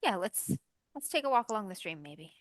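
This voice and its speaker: A woman's voice: medium pitch, big pitch swings, brisk, no room sound. A woman playing a tabletop game, joking and laughing often. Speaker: player.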